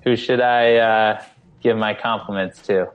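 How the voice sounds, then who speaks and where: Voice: mid-range voice, fairly even intonation, unhurried, dull audio. A player in a tabletop game, speaking dry and easygoing. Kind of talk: casual tabletop play.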